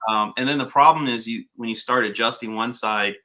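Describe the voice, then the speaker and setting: A man's voice: medium pitch, fairly quick. A man hosting a casual chat, telling stories loosely and swearing freely. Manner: storytelling, swears freely, animated when retelling. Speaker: podcast host.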